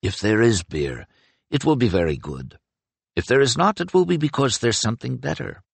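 A man voicing a kindly male god of autumn who speaks with gentle humor in an audiobook. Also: mid-range voice, expressive, moderate pace, vocal fry, husky, no room sound, voice pushed up. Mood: amused.

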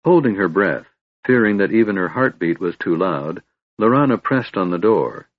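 A man narrating a fantasy audiobook in a measured storytelling delivery. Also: sits low, lively intonation, no room sound, narrow, tinny audio.

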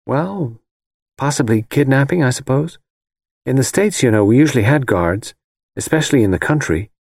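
Soft, dreamy young heiress in a storybook reading, a male narrator lifting his voice; lilting and expressive. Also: medium pitch, normal speed, vocal fry, dry recording, clean studio sound, pitched above the performer's own voice. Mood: calm. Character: gentle young rich American wife.

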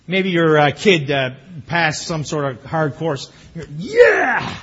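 A middle-aged male pastor preaching a sermon, animated and breaking into excited exclamations. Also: a little high, slow, hardly any pauses, slightly rough. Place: church sanctuary. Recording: muffled lo-fi recording.

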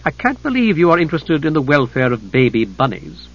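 A man voicing a gentle but sarcastic female nature goddess, speaking warily and drily in a husky voice. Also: on the high side, wildly swooping pitch, fairly quick, lo-fi sound, heavily acted. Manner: dry, sarcastic, skeptical.

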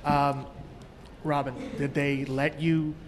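A man in a convention audience asking the panel a question, halting with fillers. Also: fairly high pitch, flat delivery, background noise. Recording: distant audience mic in echoey hall.

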